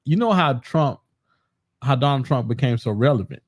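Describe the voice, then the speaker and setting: A man talking as a guest on a casual political talk show, relaxed and given to repeating his words. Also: mid-range voice, normal speed, no echo, clean studio sound.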